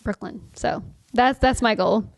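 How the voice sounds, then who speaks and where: Giggly young woman rambling on a podcast, kinda high voice. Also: measured pace, gravelly, dry recording, studio quality. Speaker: podcast co-host. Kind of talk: casual chat.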